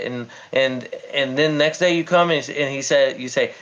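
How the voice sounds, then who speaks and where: A man's voice: medium pitch, fairly even intonation, a little fast, few pauses, fairly bright tone. A man hosting a livestream who argues heatedly, stammers and repeats himself as he tells a story. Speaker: livestream host. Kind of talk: heated debate. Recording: dull lo-fi stream audio.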